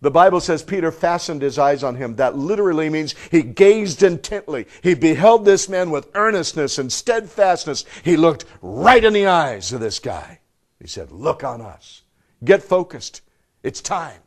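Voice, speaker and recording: A man preaching a sermon to a live congregation, firing off rhetorical questions and swinging between loud emphatic bursts and hushed low tones. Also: very animated, normal speed. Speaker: pastor.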